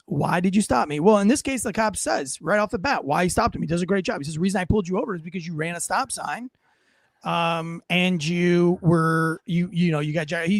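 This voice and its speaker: A man who was a police officer, giving blunt, profane, animated commentary on footage. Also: high voice, no room sound. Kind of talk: casual reaction commentary.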